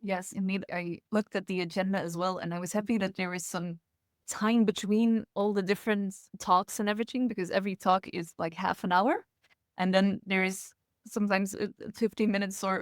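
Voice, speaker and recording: A woman's voice: mid-range voice, no room sound, studio quality. A woman co-hosting a podcast in casual chat, chatty and laughing often as she talks. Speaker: podcast co-host.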